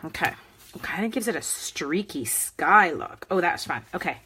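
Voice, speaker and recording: Bright-voiced chatty woman crafting. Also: on the low side, sing-song, moderate pace, breathy edge. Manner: chatty, talks to live viewers by name. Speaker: crafting demonstrator. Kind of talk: live card-making demo.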